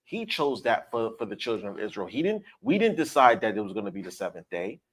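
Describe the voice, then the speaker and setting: A man's voice: lowish voice, very animated, quick pace. A man leading a livestreamed Bible study, emphatic and repetitive, checking in with "all right?" after his points. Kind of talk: livestreamed scripture lesson.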